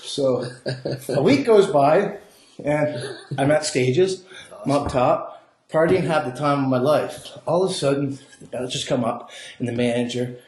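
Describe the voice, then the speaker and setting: A man guest on a podcast, telling a story in a profane, animated way. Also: mid-range voice, unhurried. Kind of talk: casual storytelling. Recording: roomy with faint noise.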